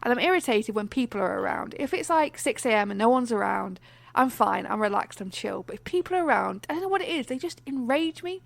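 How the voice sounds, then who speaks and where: A woman's voice: fairly high pitch, animated, a little fast, gravelly, no room sound. A young British woman co-hosting a podcast, ranting in exasperation about everyday irritations and then laughing at herself. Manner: exasperated ranting, self-deprecating. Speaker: podcast co-host. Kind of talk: casual chat.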